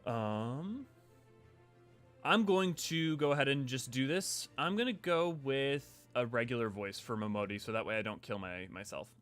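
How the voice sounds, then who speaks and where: A man's voice: mid-range voice, expressive, moderate pace, fairly bright tone, soft background music. A man live-streaming a game playthrough, chatting about lore and answering viewer comments in a loose, rambling way.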